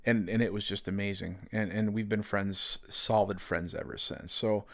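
A man's voice: lowish voice, steady tone, moderate pace. A man hosting a podcast, telling a personal story in a casual, rambling way, full of fillers. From United States. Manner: rambling, heavy use of "you know" and "man". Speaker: podcast host.

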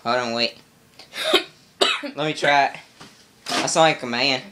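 A young man in goofy home-video banter, teasing his sister and quick to laugh. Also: medium pitch, background noise. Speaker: older brother joking with his sister.

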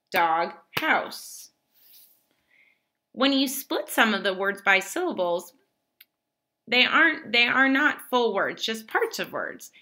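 A woman teacher giving a slow, clearly spoken lesson to young children, praising them often. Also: on the high side, bright, forceful tone.

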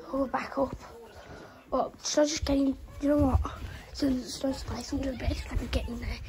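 A woman vlogger in a scary-challenge video, talking to her viewers in a hushed, frightened voice that often drops to a whisper. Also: high voice, heavy background noise.

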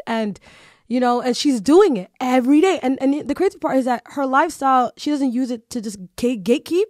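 A woman with a fairly high voice hosts a podcast in a casual, animated way. Her talk is loose and full of fillers like "you know" and "like." The sound is close and dry. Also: fast talker, dry recording. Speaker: podcast host.

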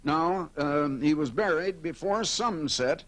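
Older male TV preacher, fairly high voice, steady explanatory delivery, slows down to read scripture aloud. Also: rough recording. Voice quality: pauses and fillers as he speaks freely. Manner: explanatory preaching, reads scripture aloud slowly and comments between verses. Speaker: evangelist broadcaster. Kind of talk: televised sermon.

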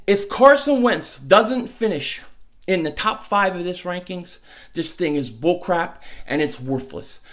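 High-voiced, excitable male sports vlogger. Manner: loud, excitable, shouting often. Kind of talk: comedy sketch and fan rant.

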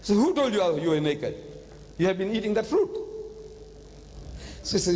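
An older man giving an animated religious lecture, telling stories and slipping in phrases. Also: high voice, moderate pace, pauses often, a little hiss or hum. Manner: animated storytelling, switching into Hindi-Urdu phrases. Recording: long hall reverb.

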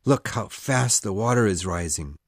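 A woman's voice: extremely low pitch, lively intonation, normal speed, no echo, clean studio sound, voice pushed down, exaggerated voice. A woman voicing a weak, desperate young boy. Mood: despairing.

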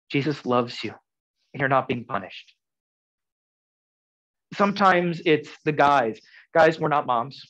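A man preaching a sermon in an earnest, conversational way, swinging from loud emphasis to soft, quiet lines. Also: medium pitch, dull audio. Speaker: pastor.

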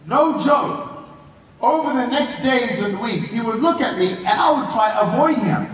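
A man's voice: extremely high pitch, normal speed, lo-fi sound, a little hiss or hum. Man speaking in an echoing convention hall. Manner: animated, playful, acts out dialogue. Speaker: motivational speaker. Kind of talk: storytelling keynote speech. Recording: echoey hall recorded from far off.

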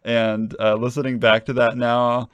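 Young male podcast co-host; casual, rambling, self-mocking humor, mid-pitched, dry close recording. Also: flat delivery, measured pace, smooth, no echo, dull audio. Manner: rambling, self-deprecating, joking.

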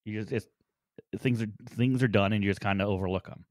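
A man with a lowish voice rambling playfully in casual podcast talk. He leans on fillers and the sound is dry. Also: fairly even intonation, fast, no room sound. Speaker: podcast co-host. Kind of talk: casual chat.

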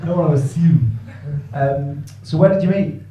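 A man's voice: a little high, expressive, normal speed, recorded from a distance, muffled recording, background noise. A man doing stand-up crowd work, bantering cheekily and swearing with the audience on a comedy club stage. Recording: echoey club, mic heard from afar.

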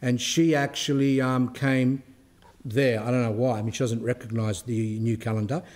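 A man, an Orthodox cleric, giving a spiritual talk that mixes a personal story with rhetorical questions and turns animated as the story goes on. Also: normal speed. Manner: grows animated and high when telling the story.

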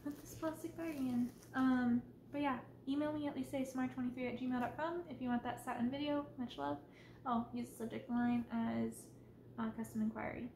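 Name: high-voiced woman. Role: ASMR Q&A host. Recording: roomy. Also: steady tone, brisk, a little hiss or hum. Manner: soft-spoken, reads out viewer names and questions, scolds her cat. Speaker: ASMR creator answering viewer questions. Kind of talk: casual livestream Q&A chat.

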